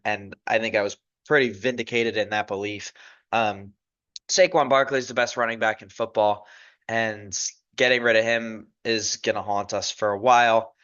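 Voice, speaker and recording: A man's voice: on the low side, fairly bright tone. Rambling man recapping football, lo-fi. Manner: rambling, self-correcting, opinionated. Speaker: sports podcast host. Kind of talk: casual sports recap commentary. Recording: dull lo-fi recording.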